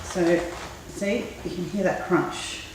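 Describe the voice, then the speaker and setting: A woman's voice: lowish voice, slow. Woman chatting in an echoey kitchen. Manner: chatty, relaxed, thinks aloud. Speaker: cooking show host. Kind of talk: casual cooking demonstration. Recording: very echoey room, mic far off, faint noise.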